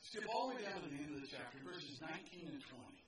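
High-voiced pastor preaching outdoors. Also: male voice, very animated, fast talker. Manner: conversational, joking asides to the crowd. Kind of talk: outdoor sermon. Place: park picnic, outdoors. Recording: distant mic with crowd noise.

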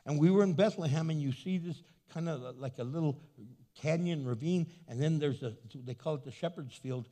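A man preaches a sermon from the pulpit, lively and storytelling, slipping into other people's voices as he quotes them. His voice sits at an ordinary male pitch. It carries a long reverb from a large church hall. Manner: animated, acts out quoted voices. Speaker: pastor.

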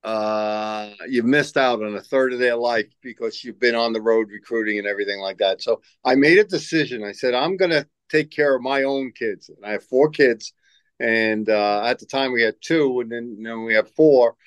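An older man, once a basketball coach, gives storytelling answers in an interview, rambling, repeating words, and acting out what people told him. He has a medium-pitched, clean voice and talks at a normal speed. The audio is poor, with no room sound.

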